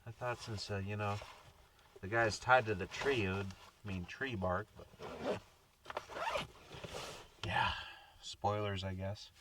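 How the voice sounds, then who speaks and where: A laid-back man rambles through a night in his truck camper, slipping into sing-song baby-talk for his dog. His voice sits low, and he sounds a little distant from the mic, with a faint hiss underneath. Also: slow, pauses often. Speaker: camping vlogger. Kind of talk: casual vlog chat.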